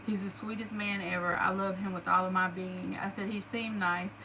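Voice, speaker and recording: A woman's voice: mid-range voice, little pitch movement, normal speed. Southern woman rambling to her followers, lots of "like", bit of hiss behind. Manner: chatty, emotional, lots of "like" fillers. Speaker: vlogger. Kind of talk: casual storytelling to followers.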